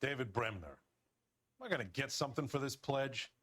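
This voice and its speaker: An actor playing a stingy, grumbling pawnbroker in a video game. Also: male voice, medium pitch, lively intonation, a little fast, a bit bright. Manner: grumbling, guarded. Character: grumpy middle-aged male pawnbroker, stingy. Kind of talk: video game cutscene acting.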